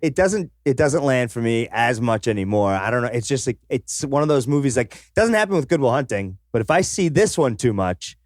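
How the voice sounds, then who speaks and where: A man's voice: medium pitch, big pitch swings, fairly quick, hardly any pauses, no echo, clean studio sound. A man co-hosting a film podcast, chatting casually, rambling and swearing freely, often trailing off mid-sentence. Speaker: podcast co-host. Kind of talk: casual chat about a film.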